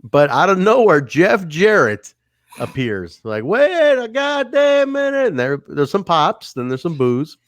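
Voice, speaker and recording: A fairly high-pitched man, talking a little slowly, co-hosts a relaxed wrestling review podcast. He laughs often, is animated, and acts out what the wrestlers said, all in a dry recording.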